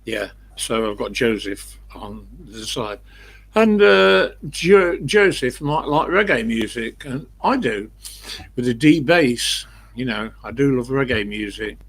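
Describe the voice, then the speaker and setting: A man's voice: medium pitch, lively intonation, slow pace, vocal fry, a bit bright, slightly rough, rough recording. An older man chatting casually and bluntly with livestream viewers, rambling through anecdotes. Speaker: livestream host.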